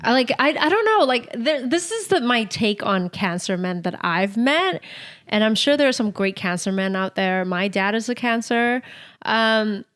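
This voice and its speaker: A young woman chatting as co-host of a casual podcast, her voice a touch higher than most. She teases her friend and breaks into giggles often. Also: animated, moderate pace, a bit bright. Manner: giggly, teasing, frequent laughter. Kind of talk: casual chat.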